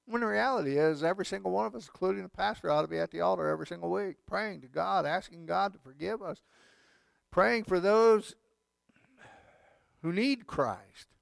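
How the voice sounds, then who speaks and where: A man's voice: high-pitched, normal speed, gravelly, no echo. A male pastor giving a sermon, emphatic, with repeated phrases and casual asides. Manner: emphatic preaching with repetition and asides.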